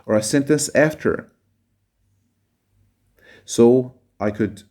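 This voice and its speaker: A man's voice: medium pitch, darkish tone. Man explaining a reading passage. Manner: reads a passage aloud and explains words, with many pauses and fillers. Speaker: teacher.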